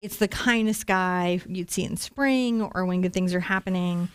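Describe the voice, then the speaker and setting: A woman's voice: on the low side, normal speed, smooth. A woman hosting a live acrylic painting tutorial, explaining each step in a chatty, encouraging way. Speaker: painting instructor and live-stream host.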